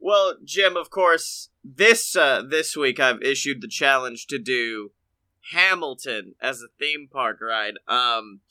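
Bright excitable male podcast co-host. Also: slow pace. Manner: excitable, laughs often, rants with rising pitch. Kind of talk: casual chat.

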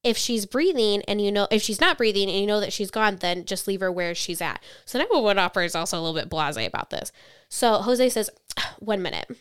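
Podcast co-host, woman, smooth clear voice, dry close mic, chatty true-crime storyteller. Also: mid-range voice, quick pace, no room sound. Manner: chatty, reads quotes flatly then reacts.

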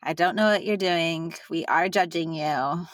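A young woman with a Californian Valley Girl accent, co-hosting a podcast in casual chat with a playful, drawn-out way of talking. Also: on the low side, dry recording. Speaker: podcast co-host.

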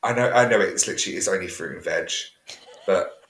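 Deep-voiced, bright man, roomy. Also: fairly quick. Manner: animated, storytelling, self-mocking. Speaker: guest. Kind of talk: casual chat.

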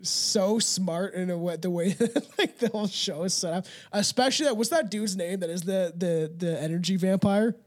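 A man's voice: high-pitched, normal speed, hardly any pauses. A man hosting a casual podcast, reading passages aloud and stumbling over long words, with a loose and profane way of talking. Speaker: podcast host.

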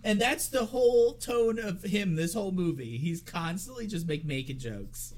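A man co-hosting a casual horror movie podcast, chatty and quick to laugh, with lots of filler words. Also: sits high, lively intonation. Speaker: podcast co-host.

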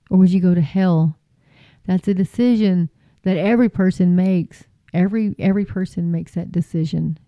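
A woman's voice: medium pitch, no echo, lo-fi sound. A woman preaching informally and earnestly to her viewers, folksy and repeating phrases for emphasis. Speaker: Christian YouTube preacher.

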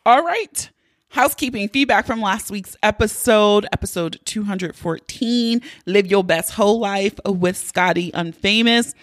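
A woman's voice: mid-range voice, a little slow, no echo, clean studio sound. A woman hosting her podcast, talking casually and candidly, with plenty of cursing. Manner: candid, profane, chatty. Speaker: podcast host. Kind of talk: casual solo podcast intro.

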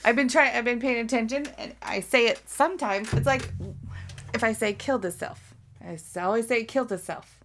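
A woman's voice: a little high, a little fast, a bit bright, a little hiss or hum. A young adult woman co-hosting a podcast, telling stories casually with swearing and laughter. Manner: storytelling, profane and laughing. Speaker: podcast co-host. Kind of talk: casual chat.

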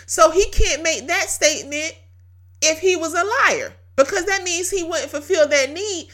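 A woman hosting a casual devotional talk, telling a story in an animated way with frequent laughter and emphatic repetition. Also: extremely high pitch, normal speed. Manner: emphatic, repeats key phrases. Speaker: podcast host.

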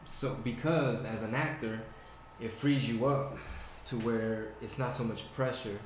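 A man chatting casually and telling stories, swearing often and animated. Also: mid-range voice, measured pace, slight background noise. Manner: profane, animated storyteller. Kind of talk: casual chat. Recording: echoey room.

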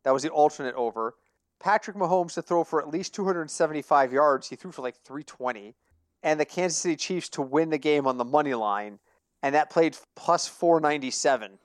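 A man's voice: on the high side, brisk, no echo, studio quality. A man co-hosting a casual sports betting podcast, telling stories animatedly and laughing at his own jokes. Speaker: podcast co-host.

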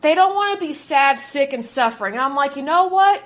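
A woman's voice: high voice, expressive, a little fast, fairly bright tone. A woman in her thirties hosting an opinionated commentary podcast, talking in an indignant, emphatic way and repeating words for stress. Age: 30s. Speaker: podcast host.

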